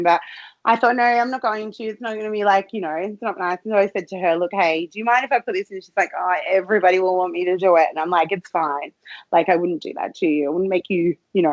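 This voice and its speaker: A woman's voice: mid-range voice, no room sound, lo-fi sound. An Australian woman chatting casually as an interview guest, giggling often and swearing freely. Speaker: guest, cam model.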